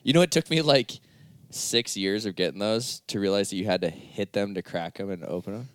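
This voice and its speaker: A man with a lowish voice chats loosely as host, laughing easily and dropping casual swears. The sound is dry and close, with no room around it, and his stories wander. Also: a little fast, no echo. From United States. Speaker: podcast host. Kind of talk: casual chat.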